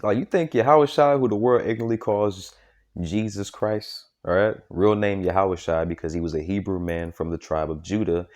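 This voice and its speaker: A man's voice: low-pitched, normal speed, darkish tone. A man preaching informally and reading scripture, emphatic and repetitive, tagging lines with "man" and "okay?". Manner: repetitive, restarts sentences often.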